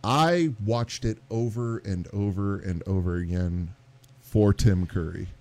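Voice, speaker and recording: A man's voice: on the low side, unhurried. A man in casual chat as a podcast co-host, talking expressively and playfully, swearing now and then. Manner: expressive, playful, vivid comparisons, swears freely. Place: garage.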